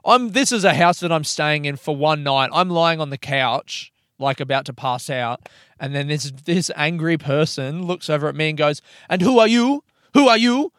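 Rambling, swearing young man with a smooth voice. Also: fairly high pitch, moderate pace, fairly bright tone, dry recording, studio quality. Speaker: comedian. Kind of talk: casual storytelling monologue. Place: parked hire car by a road.

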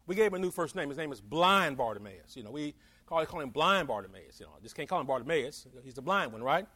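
A man's voice: on the high side, big pitch swings, fast talker, pushed and bright, breathy edge. A man preaching a sermon in a folksy, conversational way, acting out the voices of the people in his story.

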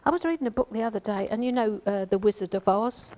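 A woman's voice: fairly high pitch, lively intonation, fairly quick, darkish tone, lo-fi sound. A woman giving an informal Bible teaching, chatty and rambling, with many fillers and asides. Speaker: lay preacher.

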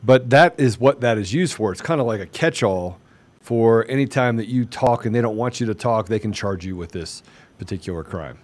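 A man hosting a talk show, explaining things step by step and rushing through quoted legal wording. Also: medium pitch, animated, a little mellow. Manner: explanatory, reads legal text in a quick rush. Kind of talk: casual chat.

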